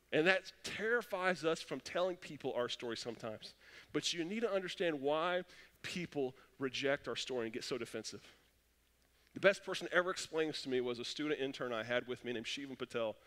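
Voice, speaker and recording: A man's voice: medium pitch, fairly bright tone. A man preaching a sermon as pastor, passionate and acting out the voices he quotes. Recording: long echo of a church hall.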